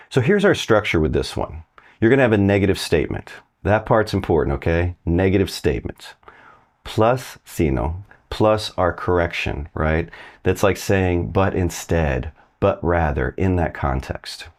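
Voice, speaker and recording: A man's voice: deep voice, lively intonation, moderate pace, darkish tone. A man giving a casual online language lesson, chatty and friendly, inviting viewers to try translations. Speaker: Spanish teacher.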